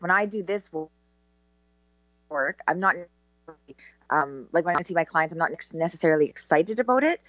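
A woman from Canada co-hosting a radio show, chatting casually and giggling often between halting restarts. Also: low-pitched, no room sound, highs cut off. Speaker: co-host and psychic reader.

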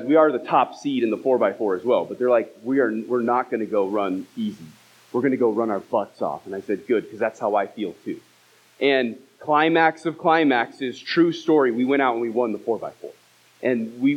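A man's voice: medium pitch, muffled recording. A man in his thirties, a pastor preaching a sermon and telling a personal story, acting out the voices in it. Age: 30s. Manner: storytelling, acts out dialogue. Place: church hall.

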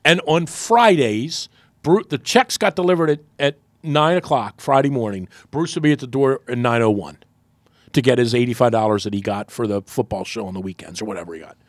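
A man's voice: a little fast, dry recording. A man, a radio host, telling a story in casual chat and acting out the quotes. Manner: animated storyteller, acts out quotes with big pitch jumps.

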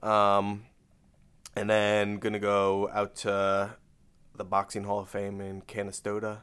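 Low, even-toned American man, middle-aged, relaxed dry podcast co-host. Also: slow, clean tone. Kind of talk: casual chat.

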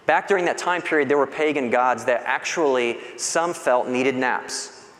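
Guy preaching in church, chatty storytelling, voice mid pitch, big hall echo. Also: moderate pace. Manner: storytelling, animated when retelling scripture. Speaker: pastor. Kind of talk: sermon. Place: church sanctuary. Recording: long hall reverb.

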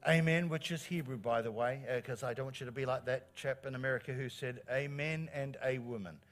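A middle-aged man, preaching a sermon as pastor in an animated, encouraging way, repeating phrases for emphasis. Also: mid-range voice, a little fast, soft background music. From New Zealand.

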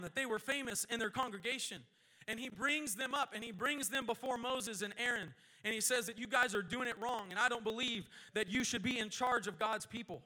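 A guest speaker preaches a sermon from a church pulpit with a sore throat, shifting between a steady teaching voice and loud, fervent prayer. His pitch is extremely high.

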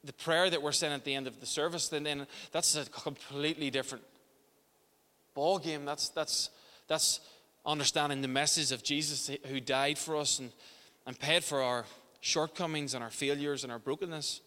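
A man's voice: a little high, steady tone, normal speed, sharp tone, big-room sound. A man preaching a sermon as pastor in a church, impassioned, often restarting and repeating words.

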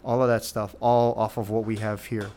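A man hosting a podcast in Hawaii, introducing his guest in a casual, rambling way and acting out quotes with lively energy. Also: fairly low pitch, moderate pace, a little hiss or hum. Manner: rambling, animated retelling with acted-out quotes. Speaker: podcast host.

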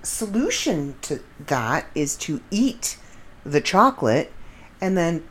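A middle-aged woman from the United States hosts a casual solo show, rambling through her stories and laughing at them as she goes. Her voice sits on the low side. Her pitch jumps and dips expressively. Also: sing-song, slow, fairly bright tone, slightly rough. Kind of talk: casual monologue storytelling.

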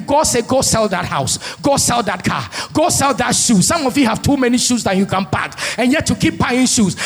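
A man preaches in a high, husky voice. He swings between quiet asides and shouted, half-sung lines. The sound rings with the long reverb of a large church hall. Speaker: pastor. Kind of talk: sermon.

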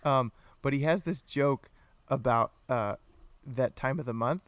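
A man's voice: medium pitch, a little slow, no room sound. A man co-hosting a casual live podcast, joking, laughing often and reading out viewer comments. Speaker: podcast co-host. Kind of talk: casual live-stream chat.

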